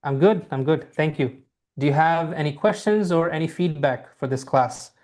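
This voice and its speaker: Moderately paced and slightly mellow, this young man's voice is a little high. He's a native Bangla speaker from Bangladesh teaching a live English class online into a laptop mic, with a mainly American accent showing some Bengali, friendly yet hesitant and full of fillers.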